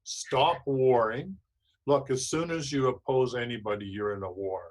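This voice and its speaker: A man's voice: medium pitch, moderate pace, poor audio. A man hosting a talk show, giving emphatic, preachy advice and repeating his points. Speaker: show host.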